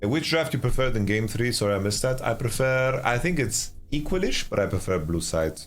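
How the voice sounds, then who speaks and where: A man giving casual esports commentary on a stream, sleepy and yawning, with relaxed speech and stammering restarts as he answers chat. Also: mid-range voice, fairly quick, soft background music. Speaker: esports caster and analyst.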